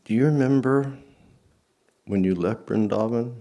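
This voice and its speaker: A man's voice: medium pitch, unhurried, mellow, pitched above the performer's own voice, natural voice. A man voicing a devoted male companion who reminisces in a casual, rambling way. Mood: reminiscing.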